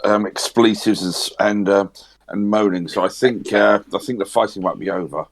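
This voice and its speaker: A man playing in a tabletop game, speaking deliberately with many hesitations. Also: on the low side, steady tone. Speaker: player. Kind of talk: casual tabletop chat.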